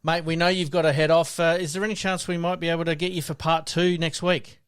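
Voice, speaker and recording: A man's voice: a little high, little pitch movement, fast, smooth. A man hosting a podcast, friendly and easygoing as he wraps up a conversation. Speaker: podcast host. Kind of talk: casual chat.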